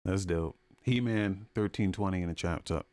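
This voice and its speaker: A man's voice: sits low, moderate pace, darkish tone. A man co-hosting a gaming podcast, giving brief reactions and reading out the chat. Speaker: podcast co-host.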